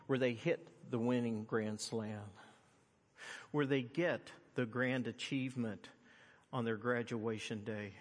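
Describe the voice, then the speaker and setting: A middle-aged man preaching a sermon, swinging from loud, high-pitched emphasis to quiet, earnest tones. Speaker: pastor. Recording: long hall reverb.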